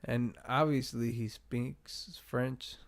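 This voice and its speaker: A man's voice: medium pitch, fairly even intonation, takes it slowly, creaky. A man co-hosting a casual podcast in a laid-back, joking way, swearing freely. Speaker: podcast co-host. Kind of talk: casual chat.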